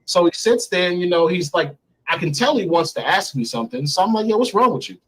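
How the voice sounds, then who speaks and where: A man in his thirties, recounting a story candidly and profanely in an interview, getting animated as he goes. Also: brisk, breathy edge, poor audio. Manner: animated, profane, climbs high when excited. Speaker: interview guest. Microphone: remote stream mic.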